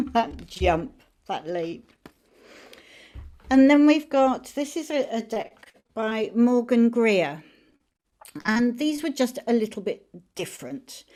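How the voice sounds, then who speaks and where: A woman's voice: fairly high pitch, warm tone. A woman teaching tarot in a friendly, chatty way, explaining each card as she shows it. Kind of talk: informal teaching on camera.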